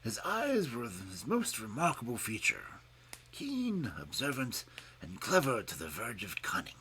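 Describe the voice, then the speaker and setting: A man narrating a detective story, expressive and dropping to a hush at tense moments. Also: mid-range voice, unhurried, slight background noise.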